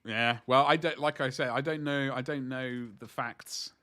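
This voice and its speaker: A man's voice: mid-range voice, fairly even intonation, normal speed, sharp tone. Chatty man streaming while painting. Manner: rambling, chatty, joking asides to viewers. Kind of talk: casual livestream chat.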